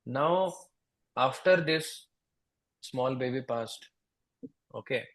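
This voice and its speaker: A preacher with an Indian English accent tells a devotional story at an unhurried pace, voicing the characters' lines in small voices and repeating words. His voice is mid-range and a bit bright, heard through a low-quality recording.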